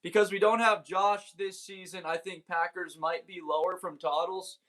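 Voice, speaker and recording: A man's voice: high-pitched, fairly even intonation, moderate pace, a bit bright. A young man hosting a casual livestream, laid-back and chatty, laughing often and greeting viewers by name. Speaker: livestream host. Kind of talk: casual livestream chat, reading viewer comments.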